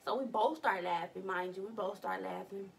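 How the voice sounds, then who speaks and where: A young woman vlogging from her bedroom, telling a story in an animated, slangy way with some cussing. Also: mid-range voice, moderate pace, vocal fry, far from the mic, slight background noise. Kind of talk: casual storytime vlog.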